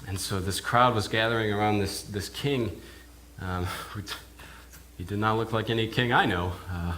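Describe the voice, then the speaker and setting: A man, a minister, telling a sermon in character as a first-person eyewitness, halting and repeating words as he goes. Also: fairly low pitch, bright, forceful tone, slight background noise. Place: church.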